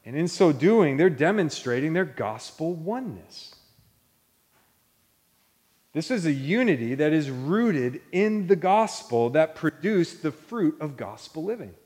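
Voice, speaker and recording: A man's voice: a little high, lively intonation, measured pace, darkish tone. A man preaching a sermon, earnest and building to fervent proclamation. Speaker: pastor. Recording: long hall reverb.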